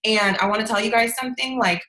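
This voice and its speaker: A woman's voice: on the high side, quick pace, bright, forceful tone, reverberant, low-quality recording. A young woman leading a sales team, giving an emphatic motivational talk on a video call and often asking "okay?" and saying "you guys". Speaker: team leader of a sales business.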